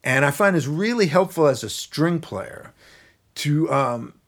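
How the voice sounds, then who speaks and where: A man's voice: a little high, lively intonation, a little slow, fairly bright tone. A man, a violinist and teacher, explaining his technique as a guest on a podcast, thoughtful and searching for words, sometimes singing rhythms aloud.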